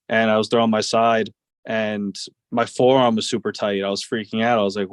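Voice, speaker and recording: Young man rambling, flat voice. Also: lowish voice, brisk, smooth, no room sound. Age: 20s. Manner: rambling, many fillers like "like" and "uh". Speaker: guest, professional baseball player. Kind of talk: casual interview storytelling.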